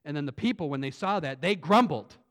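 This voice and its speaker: A pastor preaching an earnest sermon that builds to emphatic points. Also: male voice, a little high, animated, brisk. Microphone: phone on pulpit.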